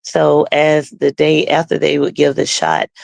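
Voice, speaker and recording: A woman's voice: low voice, level tone, measured pace, vocal fry, no echo. A woman guest telling her personal faith testimony, acting out the people in her story and often losing her words and restarting. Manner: loses her words and restarts mid-sentence.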